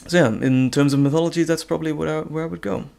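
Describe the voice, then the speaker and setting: A man hosting a casual live stream, chatting in a relaxed, rambling way with chuckles. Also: a little high, very fast, gravelly. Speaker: host.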